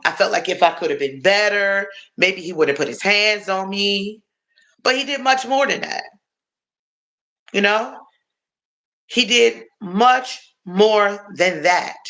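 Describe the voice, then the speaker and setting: A woman's voice: mid-range voice, bright, forceful tone. A middle-aged woman from Washington, D.C., telling viewers about her past on a livestream in an earnest, confiding way. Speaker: livestream host sharing her story. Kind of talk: emotional personal testimony on a livestream.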